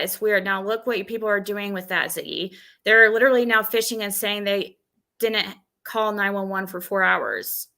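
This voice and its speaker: A woman's voice: mid-range voice, fairly even intonation, normal speed, creaky, pushed and bright. A woman streamer venting, recounting an argument in an agitated rush with frequent restarts. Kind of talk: venting live stream monologue.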